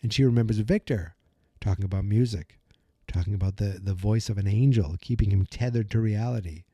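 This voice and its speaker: A podcast host chats casually through an episode recap, full of "you know" and "like," acting out the characters' lines as he retells it. His voice is fairly low, fairly quick, dark, and slightly rough, in a dry recording.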